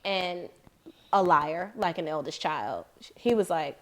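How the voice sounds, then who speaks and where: A young adult woman co-hosting a podcast, telling stories in casual chat with loud acted-out quotes and free swearing. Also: fairly low pitch, lively intonation, slow pace. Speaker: podcast co-host.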